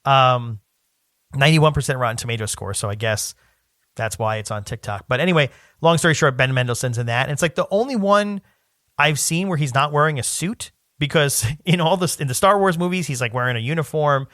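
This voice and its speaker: A man co-hosting a podcast in casual chat, rambling through stumbles and restarts, laughing often and dropping into quick put-on voices. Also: medium pitch, a bit bright, dry recording, studio quality. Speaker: podcast co-host.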